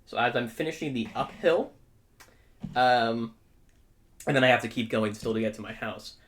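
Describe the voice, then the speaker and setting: A young man co-hosting a podcast, telling a story in a casual, animated way with frequent check-ins to his listener. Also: medium pitch, moderate pace. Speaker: podcast co-host.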